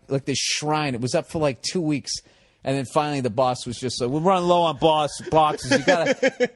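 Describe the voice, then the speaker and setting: A man's voice: mid-range voice, no room sound. Man telling profane rambling stories. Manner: profane, rambling, laughs through his own stories. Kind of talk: casual storytelling chat.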